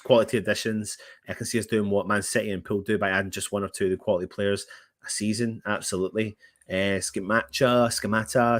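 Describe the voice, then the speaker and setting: A man's voice: on the low side, a bit bright, no echo, studio quality. A man hosting a casual football fan livestream, reading out viewer comments in a chatty, matey way. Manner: chatty and matey, often calling viewers mate. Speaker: football fan channel host.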